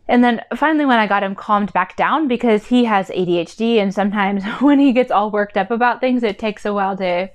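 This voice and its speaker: A mother vlogs about decluttering in a mid-range voice, talking fairly quickly with hardly any pauses. She is chatty and rambling, full of "like" and "um," and sounds earnest and heartfelt.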